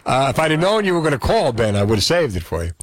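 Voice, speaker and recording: A man's voice: medium pitch, huge pitch swings, fast, no echo, clean studio sound. A man hosting a radio call-in trivia game, joking and bantering with callers. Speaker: radio show host.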